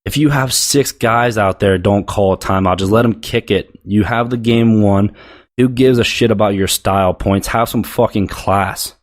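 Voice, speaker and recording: A man's voice: fairly low pitch, normal speed. A man hosting a sports show, delivering a blunt, profane, heated rant about football. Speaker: sports podcast host.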